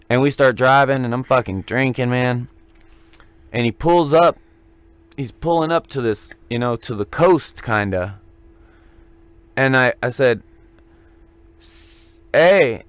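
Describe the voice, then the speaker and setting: A man's voice: mid-range voice, takes it slowly, long pauses, clean tone, no echo. A man co-hosting a casual podcast, telling a long joking anecdote in a rambling way. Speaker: podcast co-host. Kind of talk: casual storytelling.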